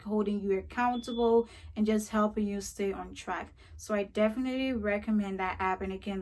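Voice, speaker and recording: Chatty young woman vlogger. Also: medium pitch. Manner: chatty, rambling, friendly sign-off. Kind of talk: casual chat to camera.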